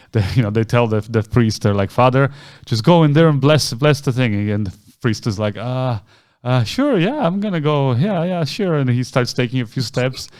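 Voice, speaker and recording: A man co-hosting a podcast, casually retelling a story and acting out the voices of the people in it with big jumps in pitch. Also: a little mellow, clean tone. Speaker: podcast co-host.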